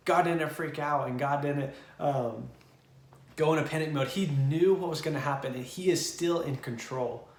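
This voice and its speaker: A man's voice: on the high side, reverberant. A young man and youth pastor giving a casual, conversational Bible devotion with easy fillers. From Oklahoma.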